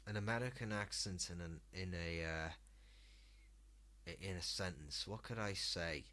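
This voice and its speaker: A man's voice: sits low, measured pace, pushed and bright. A British man streaming live, ranting and swearing as he reacts to a video.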